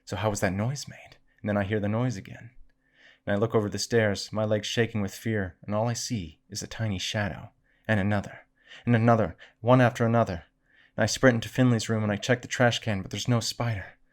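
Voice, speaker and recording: A man reading spooky stories aloud in a measured, dramatic way. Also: on the low side, fairly even intonation. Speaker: storyteller.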